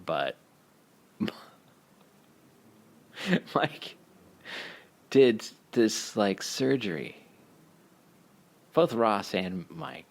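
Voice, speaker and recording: A man telling a casual, profane story, laughing as he goes in an animated way. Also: fairly low pitch, very slow, vocal fry, pauses often.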